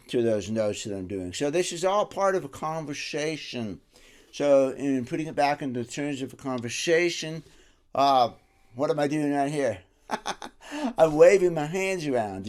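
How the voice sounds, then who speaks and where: A man giving a casual music lesson, animated and rambling, dropping to a soft voice and rising loud again as he explains. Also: medium pitch. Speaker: music teacher. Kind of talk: casual instructional talk.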